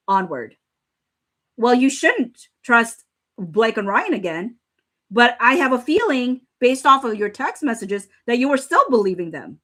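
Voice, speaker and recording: A livestream commentator with a medium-pitched, fairly bright voice reads texts out loud during casual live commentary. Her reactions are emotional: she laughs a lot and at times nearly cries as she reads.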